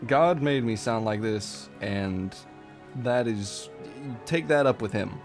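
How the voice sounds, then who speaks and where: A low-voiced man chats casually and jokingly on a live stream, laughing often and answering his chat. Faint game music plays behind him. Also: takes it slowly. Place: warm room at home.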